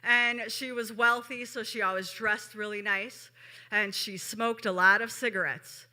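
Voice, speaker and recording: Woman, Chicago-raised storyteller, live show, chatty asides to the audience, very bright sharp tone. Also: medium pitch, fairly even intonation, a little slow. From Chicago, USA.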